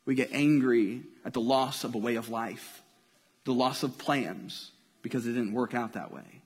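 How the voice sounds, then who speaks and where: A man preaching a sermon, animated storytelling that swings from loud to hushed. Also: medium pitch, moderate pace, breathy edge. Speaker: pastor. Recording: long reverb of a large hall.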